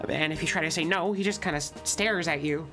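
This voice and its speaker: A fan reader putting on a nervous, eager-to-please young woman from a game, pitched well above a plain middling voice and rushing her apologies with little stammers. Music plays clearly underneath. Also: lightly acted. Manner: timid, fast apologetic delivery with stammers.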